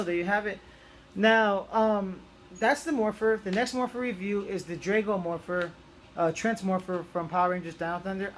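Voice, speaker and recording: A man's voice: sits high, slight background noise. A young man chatting casually through a toy review, rambling with lots of ums and restarts.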